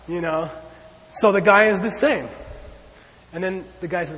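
High-voiced lecturing man, animated. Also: moderate pace, noisy background. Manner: animated, conversational, with frequent "okay?" and "you know". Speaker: Buddhist teacher. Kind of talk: teaching lecture. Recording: long hall reverb.

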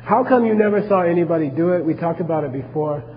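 A man's voice: a little high, fast, in a large hall, highs cut off, noisy background. A man teaching a class on Buddhism, talking casually and asking his listeners questions as he goes.

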